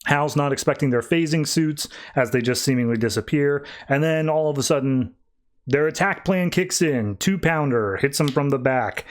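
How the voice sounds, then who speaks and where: A man's voice: fairly high pitch, moderate pace. A man hosting a podcast, recapping a comic book issue in a loose, chatty way with plenty of fillers. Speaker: podcast host.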